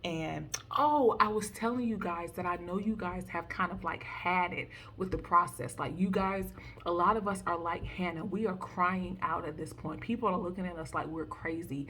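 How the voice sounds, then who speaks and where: A woman's voice: fairly low pitch, normal speed, bright, forceful tone, slight background noise. A young woman, telling a personal faith story in a chatty way full of fillers, now and then rising into fervent pleading. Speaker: prophetic faith vlogger. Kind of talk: personal testimony and devotional talk.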